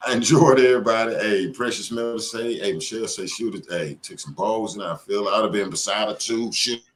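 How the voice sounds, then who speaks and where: Slangy, low-voiced male stream host. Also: fairly quick, a little hiss or hum. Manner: loose, slangy, profane, rambling. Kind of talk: casual live-stream chat.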